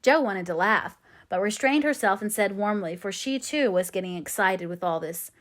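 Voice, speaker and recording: A woman reads a classic novel aloud as an audiobook narrator, clear and measured in her storytelling. Her voice is medium in pitch with lively intonation.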